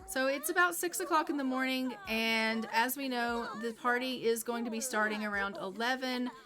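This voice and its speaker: A woman's voice: fairly high pitch, moderate pace, a crowd in the background. A woman streamer narrating a life-simulation game casually, chatty with many fillers.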